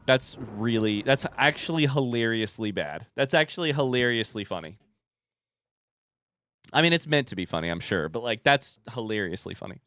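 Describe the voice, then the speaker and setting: A man's voice: mid-range voice, expressive, normal speed, a bit bright, no echo. A young man giving casual, joking commentary while playing a video game, talking back to it and swearing. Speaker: gaming streamer.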